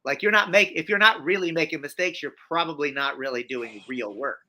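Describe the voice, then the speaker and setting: A man in his fifties tells his story to an interviewer, animated and emphatic, circling back with restarts and repeated phrases. His voice sits a bit high for a man and rings with a hard, piercing brightness. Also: brisk. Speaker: interview guest.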